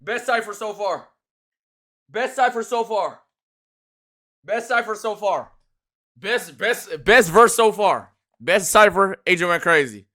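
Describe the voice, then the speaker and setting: A man reacts to a rap video on stream, his voice high and swinging wildly up and down. He talks loud and excitable, breaking into shouts and slang-heavy commentary. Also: slow, pauses often.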